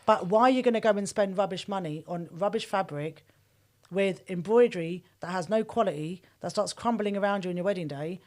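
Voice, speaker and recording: A woman, a bridal boutique owner talking on a podcast, telling stories in an animated, outspoken and emphatic way. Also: medium pitch, a little fast. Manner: animated storytelling. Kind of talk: casual podcast conversation.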